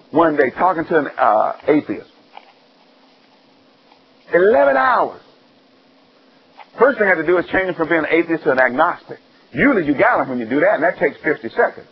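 A man preaching a sermon, telling stories with animated ups and downs in his delivery. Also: muffled recording, a little hiss or hum. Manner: animated storytelling, rising high and loud when excited.

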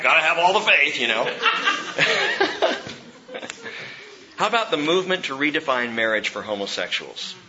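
A man's voice: mid-range voice, bright, forceful tone, a little hiss or hum. A pastor preaching a sermon to his congregation, earnest and exhorting, laughing at himself now and then. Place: church sanctuary. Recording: dull lo-fi sermon recording.

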